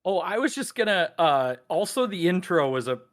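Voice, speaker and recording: Male podcast panelist, slightly high voice, rambling and cussing. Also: big pitch swings, moderate pace. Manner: rambling, swears, laughs while talking. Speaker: podcast co-host. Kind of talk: casual podcast chat.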